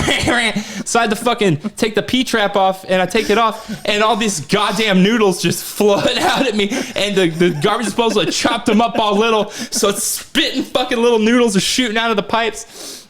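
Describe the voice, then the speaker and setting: A man's voice: high voice, fairly bright tone. A young man co-hosting a casual podcast, telling a rambling, profanity-laced story with sound effects. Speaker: podcast co-host. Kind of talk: casual chat.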